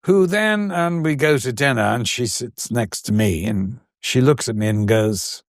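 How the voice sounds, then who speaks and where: An older man with an English accent, an actor and interview guest, telling anecdotes in an animated way and acting out the voices of the people in them. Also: mid-range voice, normal speed, hardly any pauses, no echo, studio quality. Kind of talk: anecdotal storytelling.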